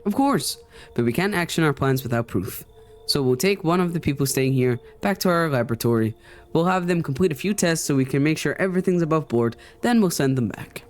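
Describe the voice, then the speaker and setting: A man voicing a brisk, reassuring male government agent in a video game. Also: a little high, expressive, faint music behind, lightly acted. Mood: official.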